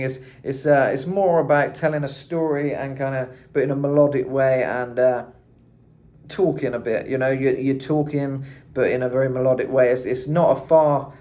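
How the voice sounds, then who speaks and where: A man's voice: mid-range voice, dark tone. A man teaching singing in a loose, rambling way, full of "you know" and "kind of". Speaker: vocal coach. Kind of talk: casual singing tutorial.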